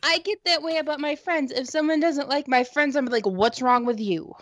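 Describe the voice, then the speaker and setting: A woman's voice: high voice, normal speed, fairly bright tone, no room sound. A woman co-hosting a podcast in casual chat, nasal, playful and profane, laughing often. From the northern US. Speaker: podcast co-host.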